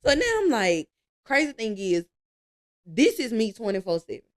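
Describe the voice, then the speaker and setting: A woman, telling stories with lively energy and easy laughs as a guest in a casual interview. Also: fairly high pitch, moderate pace. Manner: lively storytelling, laughs easily.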